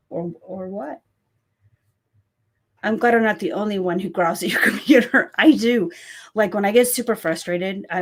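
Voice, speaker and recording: A woman with a sore throat hosting a casual live stream, chatting and greeting viewers by reading their comments aloud. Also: medium pitch. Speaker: livestream host. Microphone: desk microphone.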